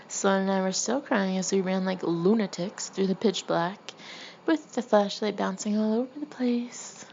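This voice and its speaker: A woman's voice: mid-range voice, unhurried, vocal fry, a little mellow. Woman, memoir reading, laughs through the lines, dull lo-fi sound, faint hiss. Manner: keeps breaking into laughter while reading. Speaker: author reading her own story. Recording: slightly dull lo-fi recording with faint background hiss.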